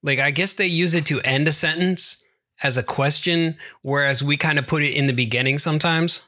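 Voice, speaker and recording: A young man from Massachusetts, a guest on a podcast, chatting in a relaxed, profane way. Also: on the high side, fairly quick. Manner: relaxed, profane, laid-back. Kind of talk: casual chat.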